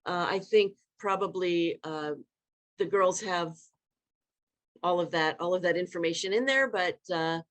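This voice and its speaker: A woman leadership coach giving a live online workshop talk, demonstrating vocal inflections in an animated way. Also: on the low side, a little slow.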